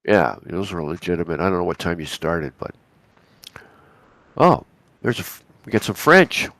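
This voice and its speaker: A man, hoarse and raspy from a cold, co-hosting a live futures trading stream in a chatty, rambling way with many restarts. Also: deep voice, very animated, normal speed, a bit bright, no echo. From Canada. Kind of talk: casual live market commentary.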